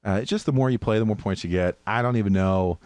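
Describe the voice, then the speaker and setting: A man hosting a podcast, telling gaming stories in a lively way and mimicking sounds from the game. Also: fairly low pitch, quick pace, smooth, no echo. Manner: animated storyteller, mimics game sounds and voices. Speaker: podcast host. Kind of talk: casual gaming chat.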